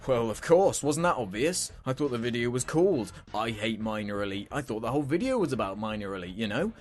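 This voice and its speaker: A man's voice: mid-range voice, sing-song, brisk, soft background music. A young man hosting a comedy rant show, sarcastic and exasperated, swearing freely.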